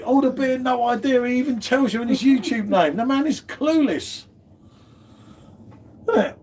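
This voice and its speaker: A man's voice: very high voice, very animated, moderate pace, darkish tone. A man hosting a casual live beer stream from home, bantering, swearing and greeting viewers in chat. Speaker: beer channel host.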